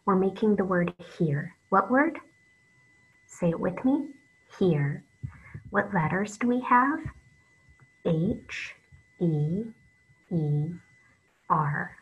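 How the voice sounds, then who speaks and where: A woman reading teacher giving an online phonics lesson, slow and patient, drawing out letter sounds with soft whispered asides. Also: on the low side, animated, highs cut off, a little hiss or hum.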